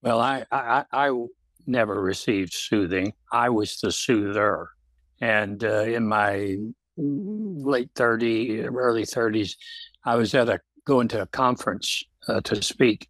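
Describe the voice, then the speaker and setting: An older man speaking slowly and haltingly in a reflective podcast conversation, pausing often and restarting his sentences. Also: fairly low pitch, fairly bright tone, dry recording. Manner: slow, halting, with many pauses and restarts. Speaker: guest.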